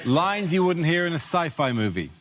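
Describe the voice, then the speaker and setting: A man's voice: a little high, sing-song, normal speed. Man hosting a comedy panel show. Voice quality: teasing, laughs through lines. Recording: noisy TV studio.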